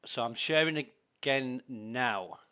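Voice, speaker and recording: A man chatting casually with friends on a voice call while playing a game, friendly and quick to laugh. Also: mid-range voice, pushed and bright, smooth. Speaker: gaming streamer leading a group. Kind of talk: casual gaming chat over voice call.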